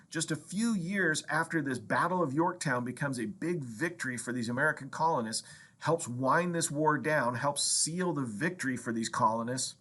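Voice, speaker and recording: A male history professor giving a college lecture, animated and often asking "right?" and repeating words. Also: medium pitch.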